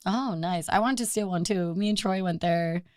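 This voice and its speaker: A woman's voice: fairly low pitch, moderate pace, no echo. Dry close-mic woman, casual chat. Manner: swears freely, acts out quoted people in animated story-telling. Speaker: podcast host.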